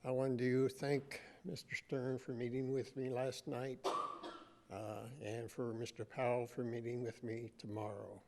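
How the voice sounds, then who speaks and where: A man giving a measured, polite public comment at a city council meeting, pausing often with "uh". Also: medium pitch, flat delivery, creaky, noisy background. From United States. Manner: measured, polite, with frequent "uh" pauses.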